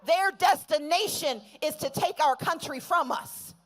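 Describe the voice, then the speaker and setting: A woman delivers a stirring speech at a political rally. Her voice sits very high, and she drives the crowd with repeated call-and-response chants. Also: unhurried, poor audio. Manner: rousing, building to shouted chants. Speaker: rally speaker.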